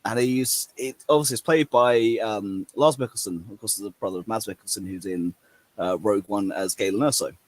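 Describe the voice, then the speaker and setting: A man co-hosting a podcast, explaining things in a measured, thoughtful way during casual chat. His voice is low and a little husky, recorded close and dry. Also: dry recording. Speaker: podcast co-host.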